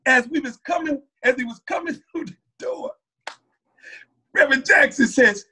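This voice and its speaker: A man with a high, bright voice and a husky edge tells his testimony as a story. He talks loosely and colloquially, with plenty of energy, and jumps into other people's voices as he goes. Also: normal speed. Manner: animated, colloquial, acts out other people's lines. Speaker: mosque captain. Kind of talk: personal testimony told as a story.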